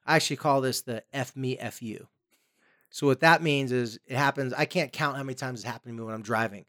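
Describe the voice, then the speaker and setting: A man's voice: medium pitch, brisk, fairly bright tone. Emphatic man giving parenting advice. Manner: emphatic, acts out quoted parents and teens. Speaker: podcast co-host. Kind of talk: casual advice chat.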